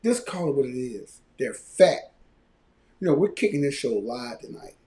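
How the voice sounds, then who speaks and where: A man hosting a live podcast, ranting loudly and mockingly. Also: mid-range voice, normal speed. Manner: loud, animated ranting with mocking quoted voices. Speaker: podcast host.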